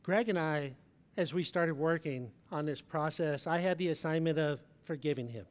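A middle-aged man preaching a sermon, telling a personal story with swings between loud emphasis and soft, hushed moments. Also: on the high side, normal speed, big-room sound. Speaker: pastor. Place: large church hall.

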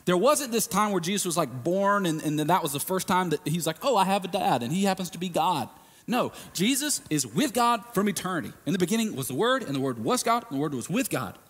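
A man preaching a sermon in a casual, emphatic way, swinging from hushed lines to shouted ones. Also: sits high, sing-song, fast, few pauses, big-room sound.

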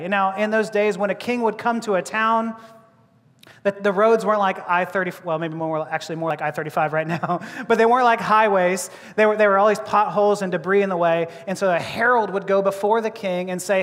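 High-voiced man preaching in echoey hall. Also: normal speed. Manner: animated storyteller, acts out voices, laughs often. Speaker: pastor. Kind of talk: sermon with personal story. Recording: long hall reverb.

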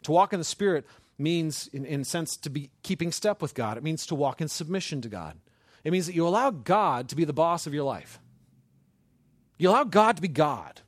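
A middle-aged male pastor preaching a sermon with passion, building to near-shouts and often restarting his sentences. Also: fairly high pitch, big pitch swings, moderate pace, dry recording, clean studio sound.

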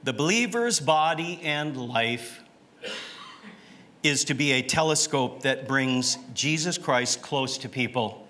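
A man's voice: medium pitch, animated, slow, pushed and bright. A middle-aged male pastor preaching a sermon, emphatic and questioning, often checking in with the congregation with "right?".

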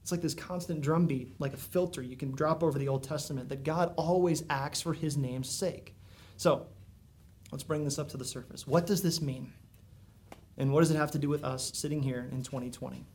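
Earnest male preacher, slightly high voice. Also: fairly even intonation, a little mellow. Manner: earnest, conversational preaching with dramatic pauses. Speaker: pastor. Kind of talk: sermon. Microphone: recorded for viewers at home.

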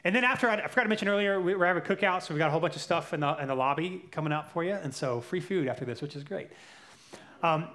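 Fast talking guy hosting church q&a, upbeat, reads questions quick. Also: fairly high pitch, a bit bright. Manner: brisk, upbeat, announcing. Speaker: host reading questions.

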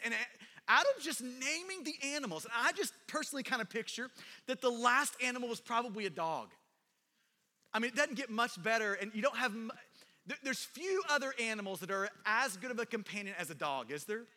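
A man with a high, very bright voice preaches in a relaxed, conversational way, often restarting his phrases. He is heard in a church hall with a long reverb trailing behind him. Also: brisk. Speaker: pastor. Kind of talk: sermon.

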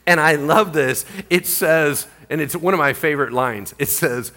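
A man's voice: fairly high pitch, normal speed. A male pastor preaching a casual, conversational sermon, acting out scenes as he goes. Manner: animated, conversational, acts out scenes.

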